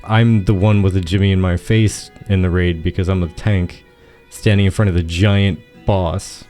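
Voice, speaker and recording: A man's voice: low voice, fairly even intonation, moderate pace, mellow, faint music behind. A man co-hosting a casual gaming podcast, talking at length and restarting his sentences as he explains. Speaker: podcast co-host.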